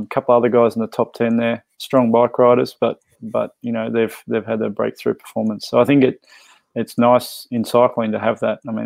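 Male guest, gravelly, dry close sound, thoughtful rambling chat. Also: mid-range voice, a little mellow, no echo. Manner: reflective, thinks aloud with restarts. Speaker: podcast guest, former pro cyclist. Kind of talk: casual chat.

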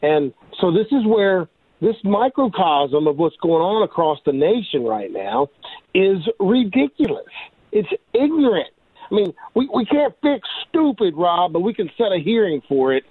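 A man on talk radio, indignant and restarting his words as he argues. His pitch swings widely, and the recording is dry and narrow like a phone line. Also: sing-song, normal speed, husky, no echo. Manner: indignant, repeats words when starting. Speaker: radio talk show co-host. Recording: thin phone-like radio audio.

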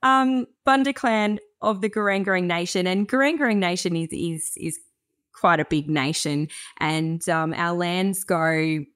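An Australian woman guest who chats easily, with frequent fillers and quick laughs. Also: on the low side, a bit bright, clear, resonant tone, dry recording, studio quality. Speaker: guest campaigner. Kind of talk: casual interview chat.

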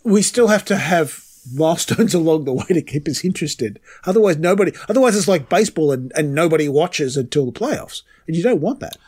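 A man's voice: a little high, animated, brisk, few pauses, a little mellow, breathy edge. Blunt, sweary man. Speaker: podcast co-host. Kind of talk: casual sports chat.

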